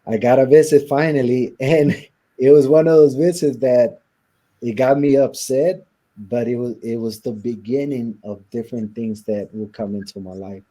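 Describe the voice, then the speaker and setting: A man's voice: medium pitch, normal speed, mellow. A man in an interview, casually telling his life story with lots of quoted back-and-forth and fillers. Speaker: interview guest.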